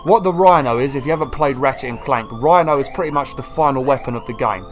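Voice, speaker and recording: A young man who gives casual let's-play commentary in an excitable, chatty manner, swearing and laughing often. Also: medium pitch, fast talker. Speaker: gaming channel host. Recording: commentary over game music.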